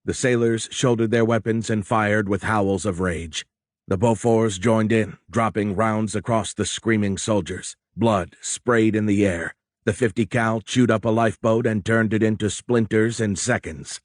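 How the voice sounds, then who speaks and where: A man narrating a war novel as an audiobook in a measured, steady storytelling manner, close on a studio mic. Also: fairly low pitch, no room sound.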